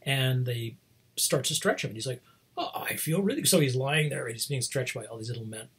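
A man's voice: mid-range voice, fairly quick, a bit bright, husky. A middle-aged man hosting, recounting things in a casual, rambling monologue, chuckling often between restarts. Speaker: host.

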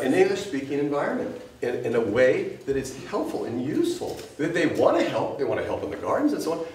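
A woman's voice: extremely low pitch, a little mellow, slight background noise. A woman teacher gives an emotional, scolding public comment at a school board meeting, her voice rising and falling with feeling. She sounds distant from the mic in an echoey board room.

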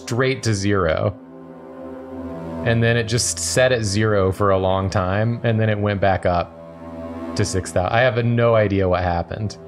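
A man co-hosting a casual gaming stream, playful, his voice jumping up when excited. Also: fairly low pitch, moderate pace. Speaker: streamer co-host. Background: music.

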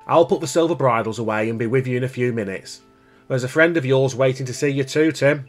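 A man's voice: mid-range voice, fairly quick, faint music behind, natural voice. A man voicing a protective grown man in a storybook reading, firm and kindly.

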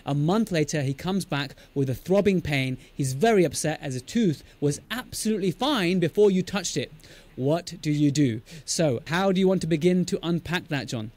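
A man's voice: on the high side, expressive, moderate pace, a little mellow. A man hosting a professional podcast, asking questions in a light, casual way and laughing easily. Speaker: podcast host. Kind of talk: casual interview chat.

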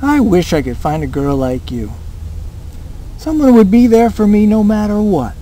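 An actor playing a lonely young man, gentle and earnest, who talks fondly to his dog and is smitten with a new girl. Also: high-pitched, animated, moderate pace, a little hiss or hum, poor audio. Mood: tender. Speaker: actor in a short film.

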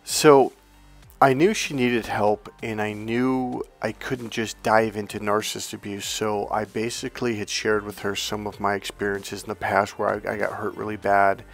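A man working as a dating and relationship coach, telling an unscripted story in an energetic, earnest way with rambling restarts. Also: fairly low pitch, normal speed, vocal fry, soft background music.

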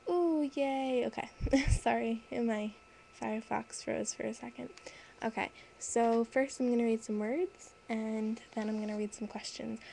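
A woman's voice: on the high side, vocal fry, mellow, a little hiss or hum, poor audio. A woman chatting casually to her webcam, laughing at herself as she reads out words. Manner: giggly, self-deprecating, slow and deliberate. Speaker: vlogger. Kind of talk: casual webcam vlog, reading a word list.

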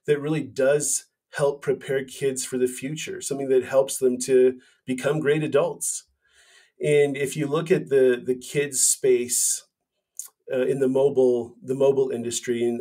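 A man's voice: medium pitch, warm tone. A man in his forties, a company founder, speaking as a podcast guest and telling his story earnestly, often restarting his phrases. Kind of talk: casual interview chat.

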